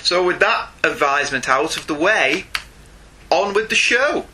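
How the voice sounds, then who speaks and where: A Northern English man reviews comics in a loose, teasing chat. His voice sits a little high and has a bright, edgy tone. A faint hiss sits under the recording. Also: lively intonation, poor audio. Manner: chatty, teasing, quick to laugh. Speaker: podcast co-host.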